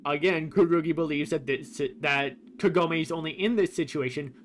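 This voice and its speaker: A man's voice: a little high, normal speed, slight background noise. A man streaming a game who compares translations in casual commentary, rambling with many fillers.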